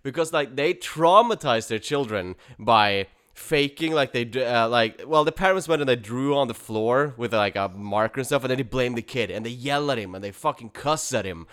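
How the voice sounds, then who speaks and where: A young man in casual podcast chat, swearing freely and ranting with plenty of laughter. His pitch sits mid-range for a man. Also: animated, normal speed, few pauses, fairly bright tone, clear, resonant tone. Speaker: podcast co-host.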